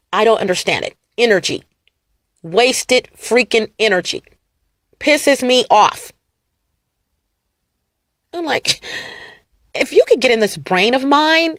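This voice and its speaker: A woman vlogger talking straight to her viewers in a casual rant, mocking and animated, laughing and repeating lines for emphasis. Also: mid-range voice, dry recording, studio quality. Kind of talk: casual ranting monologue to camera.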